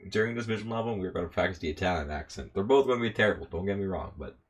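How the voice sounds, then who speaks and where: A man streaming a game, narrating the text and breaking into excitable, rambling asides. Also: lowish voice, fast talker, few pauses. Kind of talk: casual let's-play chat and narration.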